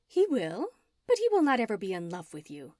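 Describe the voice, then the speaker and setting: A woman's voice: mid-range voice, huge pitch swings, brisk, a little mellow, no echo, studio quality. A woman narrator voicing a scheming, gloating female witch villain in an audiobook, her lines sneering and at times hissed. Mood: commanding.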